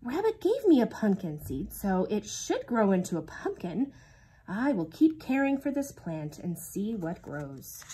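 A woman voicing a gentle, honey-loving male teddy bear in a storybook read-aloud, with plaintive, drawn-out lines. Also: medium pitch, big pitch swings, a little hiss or hum. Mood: musing.

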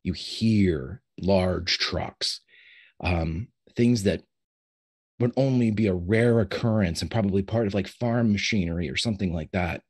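A man's voice: deep voice, unhurried, darkish tone, husky. A man narrating a tabletop game as game master, describing scenes in a loose, descriptive way.

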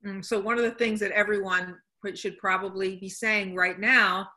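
A woman's voice: mid-range voice, fairly even intonation, moderate pace, bright, forceful tone. A woman hosting an interview over a video call, chatty and playful, jumping in with her own examples. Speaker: host.

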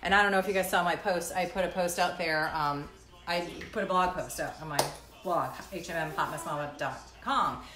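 This is a woman in her thirties running a laid-back live stream at home in her condo kitchen, her talk chatty, meandering and full of "like." She has a lowish voice and goes a little fast. There's noise in the background and echo in the room.

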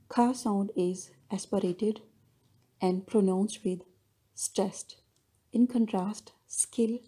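A woman's voice: medium pitch, dark tone, breathy edge. A woman giving a linguistics lecture as voice-over narration, reading steadily through definitions and examples.

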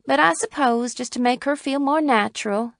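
A woman voicing a nervous, timid sheriff's wife who speaks in a hushed, shrinking way. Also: sits high, moderate pace, creaky, no echo, clean studio sound, voice pushed up.

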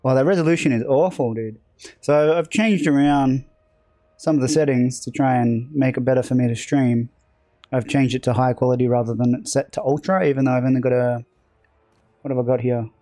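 A man live-streams a video game, rambling casually, poking fun at himself and bantering with his chat. His medium-pitched voice is fairly even and fairly quick with a dark tone, in a dry recording.

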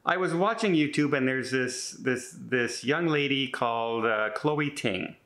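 A Canadian man in his fifties chats in a casual vlog, rambling with many restarts, earnest and a bit defensive. His medium-pitched voice is unhurried and a bit bright.

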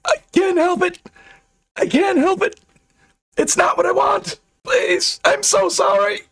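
A man voicing a possessed young man in a storybook, pleading in a strained, shouting voice. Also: very high voice, slow pace, gravelly, voice pushed up, exaggerated voice. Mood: desperate.

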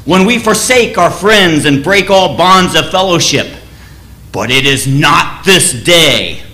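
A man's voice: sits high, pushed and bright, heavily acted, poor audio. A man putting on a noble king rousing troops. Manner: slow, solemn, raised declamation. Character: noble king rousing his frightened army, male.

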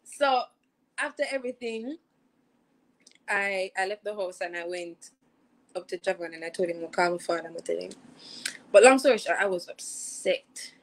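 A woman's voice: medium pitch, normal speed, long pauses, rough recording. A young woman with a Jamaican accent, hosting a youth show and sharing a personal testimony in an earnest way, repeating phrases for emphasis.

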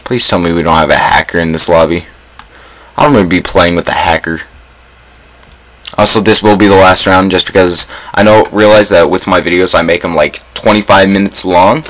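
A young man talks through a game in a very low, deep voice. His commentary is casual and self-mocking, peppered with groans and sudden dramatic exclamations. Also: a little fast, fairly bright tone, low-quality recording. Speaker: gaming YouTuber.

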